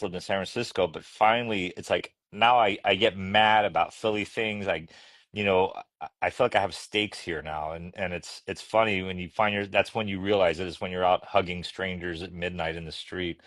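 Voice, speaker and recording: A man in his fifties with a very low voice talks in a casual, meandering way and keeps circling back to restart his thoughts. The sound is dry and close, with no room around it. He is a podcast guest chatting at an easy, unhurried pace. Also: fairly bright tone, no room sound. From Arkansas, USA. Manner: rambling, reflective, many restarts. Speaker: guest, children's book author.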